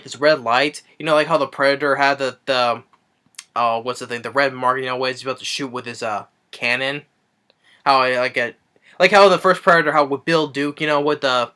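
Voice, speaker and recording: A man with a bright, forward voice talks through a film's plot in a loose, casual review. He rambles eagerly, doubling back on words and piling up fillers as he recounts the scenes. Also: medium pitch. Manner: rambling, eager retelling with many restarts and fillers. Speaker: movie reviewer. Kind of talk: casual spoken movie review.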